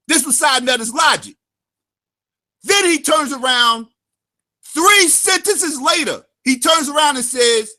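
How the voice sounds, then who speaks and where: A man hosting his own channel, ranting heatedly and profanely in a vlog and often shouting. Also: extremely high pitch, animated, a little slow. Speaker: channel host.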